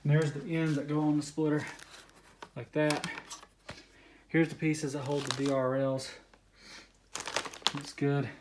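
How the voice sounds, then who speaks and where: A young man in his twenties from the US South talks through an unboxing in a loose, rambling vlog, full of fillers and happy excitement. He sounds a little out of breath. The room around him rings with echo, and a faint hiss sits underneath. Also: a little high, measured pace, pauses often. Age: 20s. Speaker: car vlogger.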